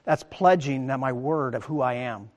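A man preaching a sermon as pastor, animated, acting out the crowd's words in his talk. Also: mid-range voice, normal speed, big-room sound. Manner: animated preaching, acts out quoted crowd lines.

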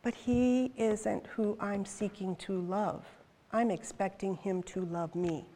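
A woman in her fifties preaching a sermon in a chatty, animated way, full of quick asides to the congregation. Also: mid-range voice. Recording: long hall reverb.

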